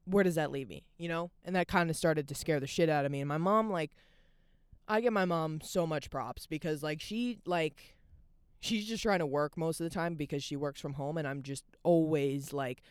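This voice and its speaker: Speaking at a moderate pace, this young adult woman has a low, clear, resonant voice, recorded at studio quality without any room sound. It's a solo podcast where she opens up and rambles confessionally, saying "like" almost constantly.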